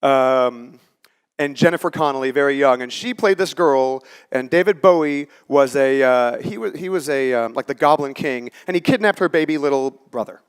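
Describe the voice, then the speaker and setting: A man's voice: mid-range voice, normal speed, clear, resonant tone. A man in his forties giving a conversational, story-driven talk on a conference stage and acting out the lines he quotes. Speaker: conference speaker. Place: conference stage before a live audience.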